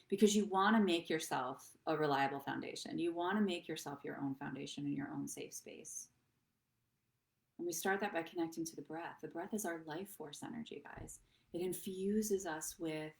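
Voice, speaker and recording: Low-voiced woman giving earnest advice. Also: gravelly. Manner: earnest, encouraging, addresses viewers directly. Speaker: host and therapist. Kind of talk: live online talk show advice.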